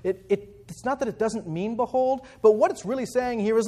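Male Bible teacher, high voice, conversational, quick rhetorical questions. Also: dark tone.

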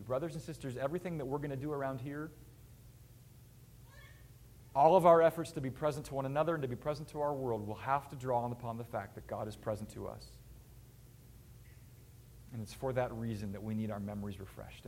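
A man's voice: mid-range voice, brisk, a little mellow, a little hiss or hum. A male pastor delivering a sermon to his congregation in an earnest, emphatic preaching manner.

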